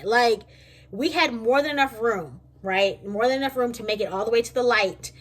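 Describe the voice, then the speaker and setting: A young woman, casually vlogging and telling a story in a chatty, animated way from her kitchen. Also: fairly high pitch, fairly quick, slight background noise. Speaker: beauty vlogger. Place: home kitchen.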